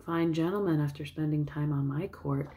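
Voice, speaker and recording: A woman's voice: sits low, normal speed, mellow, lightly acted. A woman voicing a short, cheerful older male basketball coach with a folksy, upbeat way of talking.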